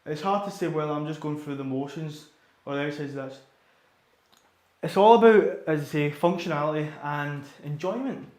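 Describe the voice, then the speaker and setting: A man's voice: fairly high pitch, moderate pace, darkish tone, roomy sound. A Scottish man chatting casually and rambling while training in a gym, swearing often and repeating himself. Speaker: livestreaming gym-goer.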